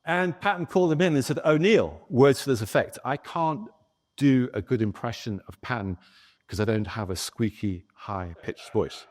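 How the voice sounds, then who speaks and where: A man giving a lively historical lecture as a guest author, telling a story and talking with the audience in the room. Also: medium pitch, normal speed. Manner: animated storyteller, chatting with the audience.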